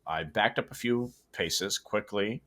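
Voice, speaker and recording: A man's voice: lowish voice, slow, a bit bright. A man casually reading a horror story aloud, stumbling, correcting himself and adding asides. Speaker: story reader and co-host.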